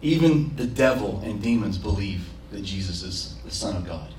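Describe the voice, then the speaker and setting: A man's voice: fairly low pitch, expressive, normal speed, darkish tone, a little hiss or hum. A man preaching a sermon as pastor, passionate and acting out prayers and imagined quotes, recorded in a church. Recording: roomy, from a distance.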